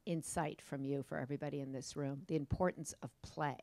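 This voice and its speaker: A woman's voice: deep voice, steady tone, a little fast, gravelly, darkish tone, no room sound. A woman interviewing a guest onstage, asking loose, rambling questions full of fillers.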